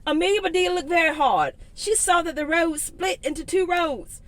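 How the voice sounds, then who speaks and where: A woman reading a picture book aloud for kids, animated, with giggly asides to her young listeners. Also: very high-pitched, normal speed, no echo. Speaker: children's story reader. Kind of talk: read-aloud story time for kids.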